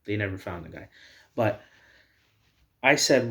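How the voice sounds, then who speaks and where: A man's voice: fairly low pitch, lively intonation, unhurried, fairly bright tone. A man hosting a video, delivering heated, repetitive personal commentary. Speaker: video host.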